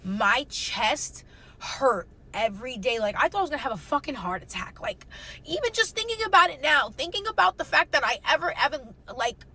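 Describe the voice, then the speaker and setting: Bright-voiced young woman, raw and swearing. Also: on the high side, big pitch swings, husky. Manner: raw, emotional, heavy swearing; fast, repeating phrases, slangy. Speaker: storyteller. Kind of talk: casual storytime.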